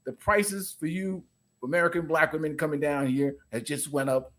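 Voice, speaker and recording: A man doing a blunt, indignant Caribbean island man who talks down his listeners in a mock-stern lilt, his voice sitting a little higher than a typical man's. It is a comic put-on within podcast chat. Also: fairly even intonation, moderate pace, close to an everyday voice. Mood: scolding.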